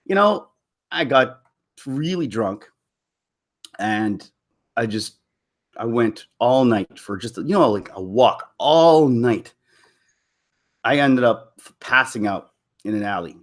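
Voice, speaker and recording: A man's voice: mid-range voice, lively intonation, slow, pauses often. A man on a live stream, telling a personal story to his viewers in a candid, rambling way with frequent restarts. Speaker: YouTube commentator.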